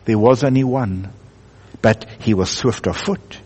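Man reading as a huge male lion, deep hushed slow voice, storybook, echoey hall. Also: breathy edge. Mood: solemn calm.

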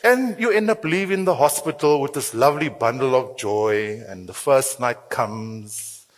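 A man preaching in a church, giving announcements and a sermon in a lively, humorous way with playful asides. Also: mid-range voice, a little slow. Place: church hall. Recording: reverberant church hall.

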